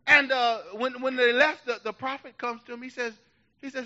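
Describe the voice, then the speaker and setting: High-voiced shouting preacher. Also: male voice, level tone, moderate pace, dull audio. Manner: rising to shouts, dramatic. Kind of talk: sermon.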